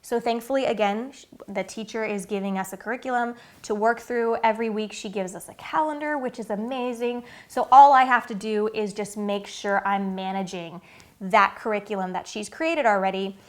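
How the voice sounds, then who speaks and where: A woman's voice: medium pitch, moderate pace. A woman in her thirties talking casually to camera about her family's routine, earnest and chatty with many fillers. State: getting emotional, near tears. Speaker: vlogger and mother.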